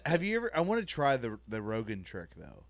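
A man's voice: medium pitch, huge pitch swings, brisk, dry recording. A man, a comedian, chatting on a comedy podcast, laughing and restarting his sentences. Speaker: comedian, podcast guest host. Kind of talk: casual chat.

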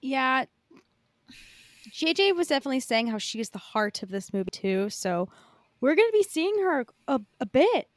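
A woman's voice: high voice, very animated, moderate pace, no echo, studio quality. A woman co-hosting a podcast, recapping news in casual chat with many fillers. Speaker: podcast co-host.

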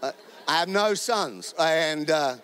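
A middle-aged Australian man preaching a sermon as a guest speaker, an animated storyteller who jokes and throws in quick asides. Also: a little high.

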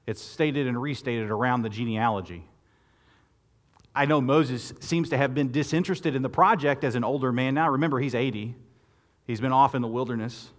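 A man preaching a sermon, lively and expressive, often repeating words and restarting phrases as he talks. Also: moderate pace. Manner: expressive preaching, rising loud and high when quoting Moses. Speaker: pastor.

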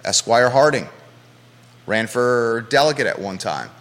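A man's voice: mid-range voice, animated, unhurried, a bit bright, long reverb tail. A man hosting a live local talk show from a studio, passionate and emphatic, often repeating his key points.

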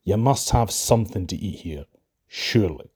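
A man's voice: low voice, animated, moderate pace, darkish tone, breathy edge, heavily acted. A man with a Scottish accent voicing a strange wee trow, a Shetland spirit, polite and wheedling. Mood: coaxing.

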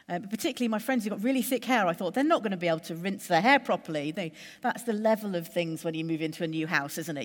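A woman preacher giving a sermon in a measured, conversational way, building lists with steady pauses. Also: fairly low pitch, long reverb tail.

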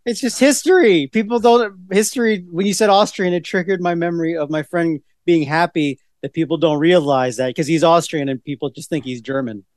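A man's voice: fairly high pitch, brisk, hardly any pauses, darkish tone, no echo, clean studio sound. A middle-aged man co-hosting a casual podcast chat, rambling from one story to the next with many restarts. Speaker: podcast co-host.

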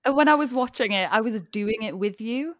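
A woman's voice: fairly high pitch, a little fast, a bit bright, no echo, studio quality. Bubbly woman hosting. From North East England coast. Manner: bubbly, giggly, rambling with many fillers. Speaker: panel host. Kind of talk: casual panel discussion.

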